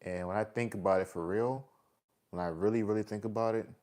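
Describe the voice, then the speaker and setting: A man's voice: lowish voice, fairly even intonation, fairly quick, darkish tone. A man talking earnestly to his followers about his faith, casual and repetitive, with heavy sighs. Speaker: vlogger sharing faith testimony. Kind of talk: heartfelt personal talk to followers.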